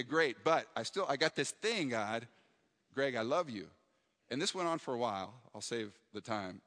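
A man's voice: medium pitch, fairly bright tone. A man preaching a sermon as a pastor, earnest and reflective, sometimes acting out his own prayers. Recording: hall reverb.

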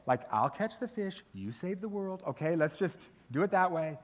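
A man's voice: high voice, animated, normal speed, big-room sound. A man voicing a cocky, condescending fisherman who brushes off advice in a sermon skit. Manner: condescending, dismissive. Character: cocky fisherman, grown man, know-it-all.

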